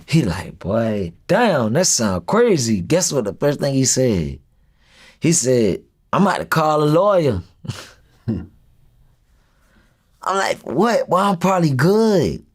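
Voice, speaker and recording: A young man tells a story in a casual interview, and his voice swings widely up and down as he acts out each quoted line. He talks in a loose, lively way at a middle pitch. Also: slow, long pauses. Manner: animated retelling, acts out quoted dialogue. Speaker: rapper being interviewed.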